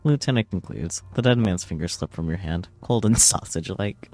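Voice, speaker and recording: A man's voice: low-pitched, brisk, few pauses, a little mellow. A man streaming a game, reading its text aloud and joking playfully. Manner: playful, jokey, reads lines casually.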